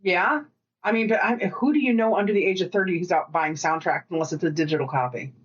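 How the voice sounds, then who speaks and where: A woman co-hosting a podcast in casual chat, rambling and swearing freely with quick asides. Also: on the low side, highs cut off. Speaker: podcast co-host.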